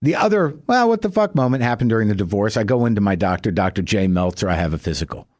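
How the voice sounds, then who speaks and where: A middle-aged man delivering a stand-up monologue, telling a wry story and leaping high and loud for his punchlines. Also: fast, no room sound, studio quality. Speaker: stand-up comedian.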